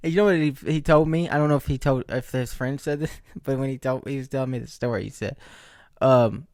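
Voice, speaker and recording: A man's voice: mid-range voice, a little fast, darkish tone, no room sound, clean studio sound. Rambling, joking male podcast host. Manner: rambling, joking, laughs often; asks rhetorical questions. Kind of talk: casual solo storytelling.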